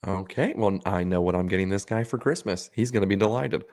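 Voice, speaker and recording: A man's voice: sits low, a little fast. A man co-hosting a podcast, telling a story in casual chat, swearing and acting out the people in it. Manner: animated storyteller, swears, acts out quotes. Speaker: podcast co-host.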